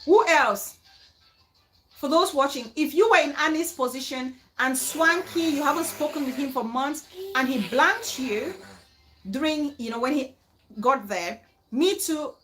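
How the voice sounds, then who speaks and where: A woman hosting a casual, animated reaction chat about a reality show, acting out other people's words. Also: sits high, unhurried, soft background music, rough recording. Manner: animated, dramatic, quotes others in mock voices.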